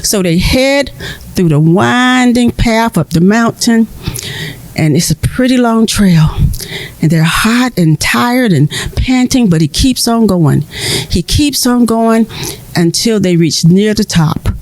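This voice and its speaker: A woman storyteller telling a folk tale to children in a lively, expressive way. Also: on the high side, slow pace.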